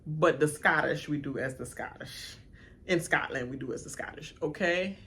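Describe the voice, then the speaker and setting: A woman's voice: sits low, moderate pace, fairly bright tone, slight background noise. A woman hosting a reaction video, ranting casually and animatedly straight to her viewers in slangy, laughing chatter. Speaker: reaction channel host.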